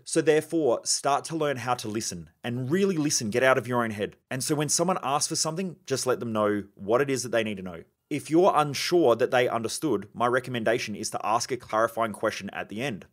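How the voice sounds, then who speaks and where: Male podcast host, mid pitch, emphatic solo coaching talk. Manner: emphatic, coaching tone with acted-out example dialogues.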